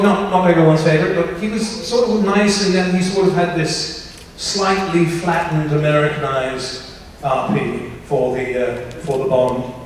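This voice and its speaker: A chatty man speaking as an actor on a convention panel, joking and slipping into a posh English voice. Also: on the high side. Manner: chatty, playful, often slips into a posh English voice. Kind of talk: casual panel talk. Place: large convention hall. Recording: echoey hall from far off, faint noise.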